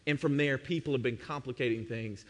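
A young adult man preaching a sermon, telling a funny personal story and acting out his own past self with animated delivery. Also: medium pitch, fairly quick. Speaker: pastor. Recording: long hall reverb.

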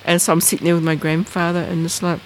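Over a slight hiss or hum, a fast-talking Australian woman shares personal stories in an interview. She comes from Bathurst Island, northern Australia, and her casual storytelling wanders, full of fillers and restarts. When quoting others she acts out their voices animatedly, with big pitch jumps.

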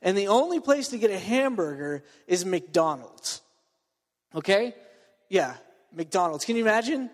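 A male preacher tells a story from the pulpit in a loose, chatty way, full of fillers and asides to the crowd. His voice sits high for a man. The sound carries a long reverb from a large hall. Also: very animated, a little slow. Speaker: pastor. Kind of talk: sermon.

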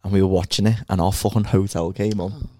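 Low-voiced man telling rambling stories. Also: fairly even intonation, fast talker, dark tone, no echo, studio quality. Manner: rambling storyteller, swears freely, laughs often. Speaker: podcast co-host. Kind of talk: casual chat.

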